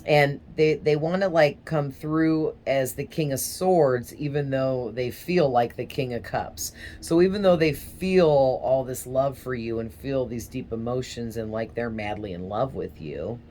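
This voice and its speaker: A woman's voice: extremely low pitch, a little slow, hardly any pauses, mellow. A woman giving a casual tarot reading, talking in a rambling, hesitant way with small stutters. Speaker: tarot reader.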